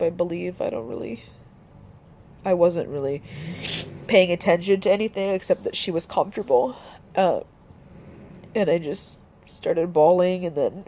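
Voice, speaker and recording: A young woman talking about her grief in a personal vlog, halting, with many restarts and fillers. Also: fairly low pitch, dark tone. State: grieving, voice dropping soft. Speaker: vlogger.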